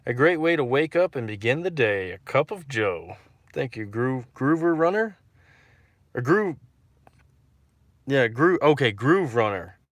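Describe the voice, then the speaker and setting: A man's voice: mid-range voice, animated, moderate pace, a bit bright, dry recording. Rambling Texan man chatting on a livestream. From Texas. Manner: rambling, repeats words, frequent fillers. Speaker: livestream host reading viewer comments. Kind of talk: casual livestream chat.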